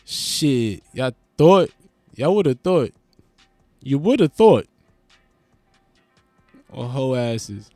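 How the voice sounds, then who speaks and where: A man hosting a podcast, riffing in a loose, profane, animated comic monologue. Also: mid-range voice, drawn-out words, pauses often, no echo, faint music behind. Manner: loose, animated, profane, swings into loud bursts. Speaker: podcast host. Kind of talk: casual comedic monologue.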